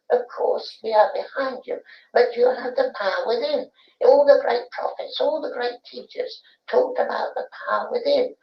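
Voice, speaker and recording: On an archival recording, a medium voices the spirit of a young Cockney boy, played as about 12, preaching earnestly about human potential. The voice is high-pitched with vocal fry, and the séance tape sounds roomy and dull.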